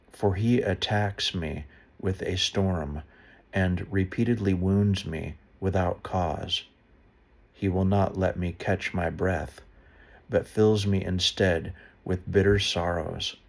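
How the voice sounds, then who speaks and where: A man reading a Bible passage aloud slowly and deliberately, stopping now and then to explain the footnotes. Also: deep voice, creaky. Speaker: Bible reader. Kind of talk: unscripted Bible reading with asides.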